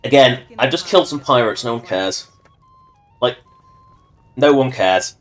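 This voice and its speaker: A man's voice: mid-range voice, measured pace. A man giving casual, self-mocking commentary while livestreaming a video game, rambling through joking asides. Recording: voice over game audio and music.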